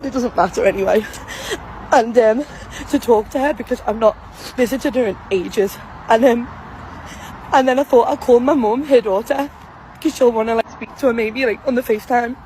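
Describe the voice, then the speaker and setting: A woman's voice: on the high side, moderate pace, pauses often, a little mellow, slight background noise, low-quality recording. A woman filming herself on a phone outdoors at a graveside, crying and shaking as she tells viewers what just happened. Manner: breathless, tearful, talks straight to viewers. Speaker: vlogger. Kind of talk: emotional vlog to camera. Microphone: phone camera.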